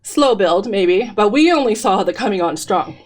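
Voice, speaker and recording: Excitable woman spinning fan theories. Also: medium pitch, moderate pace. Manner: excited, theorizing, many fillers. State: out of breath. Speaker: podcast co-host. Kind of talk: casual fan discussion.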